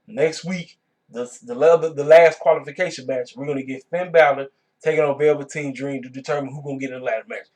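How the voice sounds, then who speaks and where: A man hosting his own wrestling review vlog, talking casually and reacting with animated disbelief. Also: a little high. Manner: animated, colloquial, exclaiming in disbelief. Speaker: wrestling review channel host.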